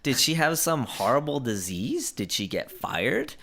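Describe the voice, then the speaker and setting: A woman's voice: very deep voice, unhurried. A woman reading a children's book aloud on a podcast, acting out the lines with expression and joking around. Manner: reads with expressive character voices and jokes. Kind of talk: casual podcast reading and chat.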